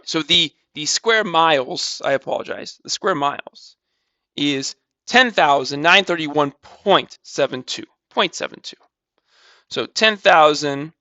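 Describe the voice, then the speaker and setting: A man's voice: on the high side, pushed and bright, no room sound, muffled recording. A man teaching a recorded math lesson, walking through calculations step by step in a casual way and repeating numbers.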